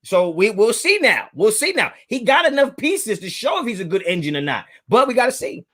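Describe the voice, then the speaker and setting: A man's voice: high voice, very animated, brisk, sharp tone. A man hosting a live sports fan stream, talking casually and emphatically to his chat and repeating his points. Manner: talks to his chat directly. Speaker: sports fan livestream host.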